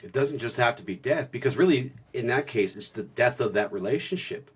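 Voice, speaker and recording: Husky male co-host, mid-pitched, earnest and reflective; often restarts his sentences. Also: animated, a little fast. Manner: earnest storytelling with many restarts. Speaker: podcast co-host. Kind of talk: reflective casual talk on spirituality.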